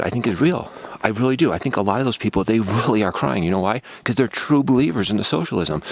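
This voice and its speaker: A man's voice: on the low side, vocal fry. A man delivering a heated, repetitive, sarcastic political rant, talking straight into his own camera. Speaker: political vlogger. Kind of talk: ranting monologue.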